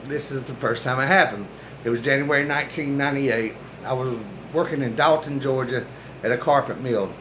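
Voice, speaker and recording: A man's voice: medium pitch, fairly bright tone, a little hiss or hum, poor audio. A man in his forties telling a personal story in a casual, slangy way and acting out the dialogue of the people in it. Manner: slangy, colloquial talk; acts out quoted dialogue.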